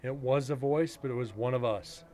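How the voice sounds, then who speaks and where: A man's voice: mid-range voice, moderate pace, a little mellow, a little hiss or hum. Man thinking aloud while editing audio. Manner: casual, thinking aloud with fillers, chatting with viewers. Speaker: streamer reviewing ghost-hunt audio. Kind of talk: live-stream commentary while editing audio.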